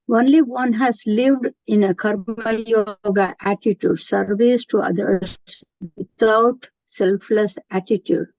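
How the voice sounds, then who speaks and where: A woman's voice: medium pitch, a little mellow, no echo. A woman giving an earnest, explanatory spiritual lecture, often restarting her sentences. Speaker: Gita teacher. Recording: dull, dry lo-fi recording.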